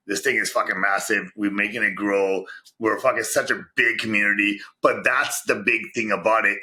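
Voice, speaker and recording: A man's voice: lowish voice, bright, forceful tone. A man from Vancouver, a podcast guest, telling his story in casual chat and swearing constantly. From Vancouver, Canada.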